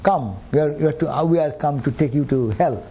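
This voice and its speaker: A man voicing the messenger of the god of death, delivering a blunt summons in a slightly lower voice. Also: a little fast, dark tone, husky. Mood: summoning.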